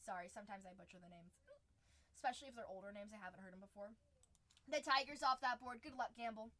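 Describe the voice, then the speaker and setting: Young woman, high bright voice, chatty live-stream host who laughs a lot and reads chat aloud. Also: lively intonation, fast. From San Diego area. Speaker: card break host.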